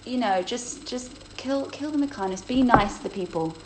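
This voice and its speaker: A woman, chatting casually on a phone livestream, reading out viewer questions and answering them with a self-deprecating, quick-to-laugh manner. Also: fairly high pitch, noisy background. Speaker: host of a livestream Q&A.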